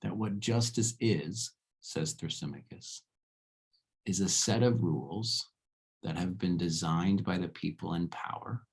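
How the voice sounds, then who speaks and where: Low, gravelly male philosophy lecturer. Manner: conversational, checks in with rhetorical "right?". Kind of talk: casual spoken lecture.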